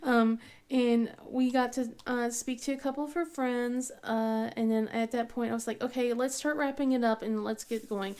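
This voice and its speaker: A chatty woman in her thirties with a slightly high voice, hosting her craft channel. She rambles through a casual story, full of fillers and restarts, breaking into laughs often. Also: fairly even intonation, normal speed, darkish tone. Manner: laughs often while telling.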